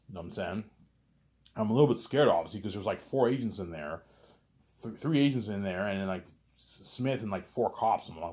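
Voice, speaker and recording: A man with a fairly low, darkish voice tells a long, rambling story in a casual monologue at a brisk clip. He stammers through repeated words and keeps adding filler questions to the ends of his sentences.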